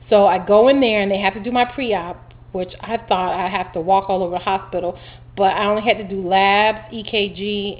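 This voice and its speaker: Woman vlogger, mid-pitched, animated and rambling, muffled home recording. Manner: chatty, animated retelling with many fillers. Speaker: vlogger recounting her surgery. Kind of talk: casual storytelling to camera. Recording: dull lo-fi home video audio.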